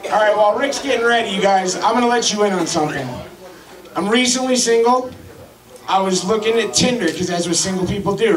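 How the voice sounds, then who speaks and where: A man in his thirties hosting and doing crude, deadpan stand-up comedy to a crowd. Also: high voice, fairly quick, distant mic. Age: 30s. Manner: crude, deadpan joke delivery. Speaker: comedy host. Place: crowded club, roomy. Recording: echoey room, mic from afar, loud crowd.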